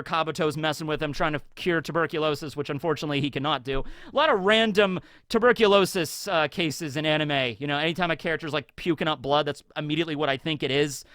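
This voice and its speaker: A man with a high, bright voice delivers a casual anime commentary monologue as host of his channel. He is excitable and keeps tagging his points with "okay?". The sound is dry and close, with no room around it. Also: dry recording. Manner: excitable, tags sentences with "okay?". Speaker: YouTube host.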